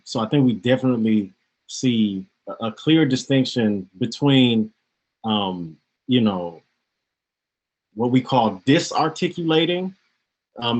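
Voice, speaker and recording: A man with a husky, slightly rough voice moderating an online panel over a video call. He explains ideas patiently and loosely, leaning on filler words as he goes. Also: medium pitch, measured pace, poor audio. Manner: relaxed, explanatory, with many fillers.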